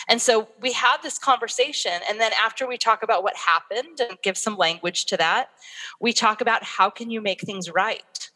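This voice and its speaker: A woman's voice: a little high, moderate pace, pushed and bright, long reverb tail. A woman speaking as a guest expert in an interview, telling a story animatedly and acting out what she says to her child. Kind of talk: interview, explaining.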